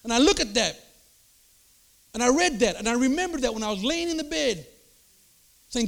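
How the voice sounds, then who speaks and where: An older man preaching a sermon, emphatic, checking in with the crowd through quick rhetorical asides. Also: extremely high pitch, lively intonation, gravelly. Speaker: pastor.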